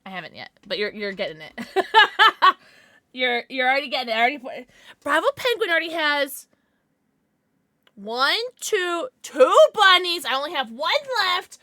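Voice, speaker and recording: A woman livestreamer chatting casually and thanking subscribers, excitable, giggly and often apologetic. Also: high voice, normal speed.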